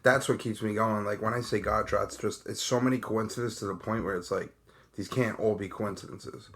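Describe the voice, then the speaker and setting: A man with a Long Island accent, speaking in a bright, forceful voice. He tells stories with animated energy and peppers them with "bro" and "dude" as he co-hosts a casual podcast chat. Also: lowish voice, brisk. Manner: animated storyteller, says "bro" and "dude" often. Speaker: podcast co-host.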